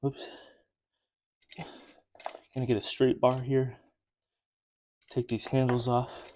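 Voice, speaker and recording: A man's voice: mid-range voice, monotone, slow, mellow, a little hiss or hum. A man recording a workout vlog, out of breath, counting his reps aloud with strained grunts in between. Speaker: vlogger. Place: gym, indoors.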